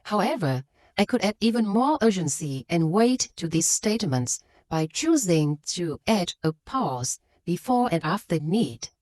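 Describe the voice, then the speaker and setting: At a measured pace, a woman presents a scripted English lesson with a fairly low, very lively voice, pressing hard on the words she stresses. The recording is close and dry, with no room sound.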